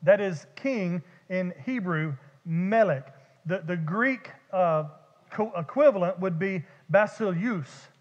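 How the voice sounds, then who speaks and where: A man's voice: high-pitched, takes it slowly. A man preaching a sermon as pastor, talking in a conversational way that often repeats and restarts words. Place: church sanctuary. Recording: dull lo-fi church recording with long reverb.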